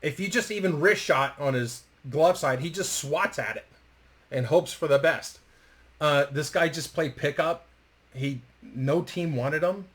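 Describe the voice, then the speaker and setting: A man telling a story with casual energy, cursing freely. His voice sits a little high. He acts out the other people's lines as he goes. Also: measured pace. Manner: animated, swears freely, acts out quotes.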